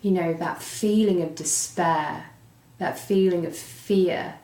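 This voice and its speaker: A young English woman telling her recovery story as a guest, animated, with fillers and laughs. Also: lowish voice, slow. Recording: roomy echo.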